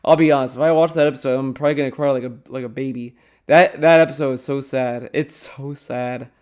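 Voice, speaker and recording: A man streaming casual commentary, rambling excitably and swearing often as he talks. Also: medium pitch, quick pace, clear, resonant tone. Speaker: streamer reacting to a clip.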